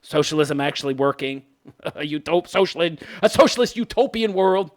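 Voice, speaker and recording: A man's voice: on the high side, animated, normal speed. Sarcastic, laughing male commentator. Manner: sarcastic, laughing, profane, mocking quoted characters. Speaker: commentary host. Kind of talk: ranting episode commentary.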